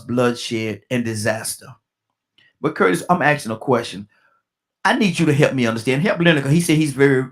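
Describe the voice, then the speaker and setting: A middle-aged man hosting a call-in radio talk show, repeating himself and restarting his sentences, slowing right down to read out a phone number. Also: mid-range voice.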